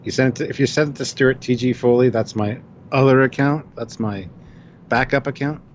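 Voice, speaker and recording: A man's voice: medium pitch, a little fast, muffled recording, a little hiss or hum. A man co-hosting a casual livestream chat, easygoing as he reads out viewer comments and donations. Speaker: co-host reading viewer donations.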